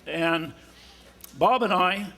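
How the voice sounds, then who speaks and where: Gravelly, high-voiced man giving a rambling speech. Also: drawn-out words, pushed and bright. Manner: rambling, anecdotal, with many fillers and restarts. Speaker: honoree giving an acceptance speech. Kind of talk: informal ceremony speech.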